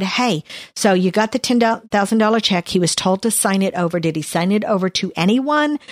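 A woman's voice: mid-range voice, no room sound, clean studio sound. Earnest woman telling her story. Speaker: podcast co-host. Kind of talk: sharing a personal testimony.

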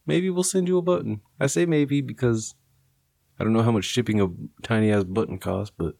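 A man's voice: mid-range voice, moderate pace, vocal fry, a little mellow, no echo. A young adult man hosting a podcast in casual chat, laid-back, swearing and laughing often. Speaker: podcast host.

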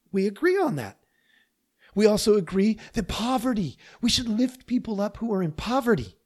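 A man hosting a podcast delivers a monologue straight to his listeners. His manner is emphatic and animated. He talks the way someone would when making a persuasive case. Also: fairly high pitch. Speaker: podcast host. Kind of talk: opinion monologue.

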